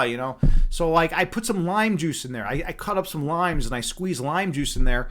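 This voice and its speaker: A man's voice: a little high, expressive, brisk, a bit bright. A man from Chicago hosting a casual livestream chat, rambling and laid-back, repeating words and saying "dude" and "man" a lot. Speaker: livestream host.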